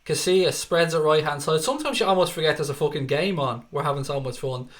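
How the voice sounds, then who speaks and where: Irish male host, Dublin accent, slightly higher voice, loose and sweary, reads chat between match updates. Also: fast talker. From Ireland. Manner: chatty, swears freely, reads viewer comments aloud. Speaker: livestream host. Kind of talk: live match watchalong commentary and chat.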